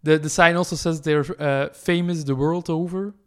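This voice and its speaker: Podcast co-host: a man, hesitant and chatty, a little high-pitched and smooth. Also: fairly even intonation, normal speed, a bit bright. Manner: hesitant, many fillers and restarts, laughs often. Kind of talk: casual chat.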